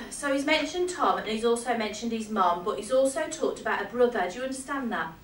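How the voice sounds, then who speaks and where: Here a woman's voice on the high side comes across brisk and expressive during a medium's reading for a live audience. Chatty and quick to laugh, she checks in with her listener throughout; the recording is distant and echoey, from a hall with slight background noise.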